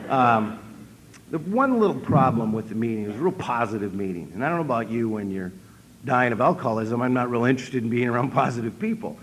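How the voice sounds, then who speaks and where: A man with an Upper Midwest American accent giving a humorous recovery talk from a convention stage, telling stories in a deadpan, self-mocking way and acting out what people said. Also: mid-range voice, fast talker, a little hiss or hum. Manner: storytelling, deadpan self-mocking, acts out quotes. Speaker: speaker at an AA convention.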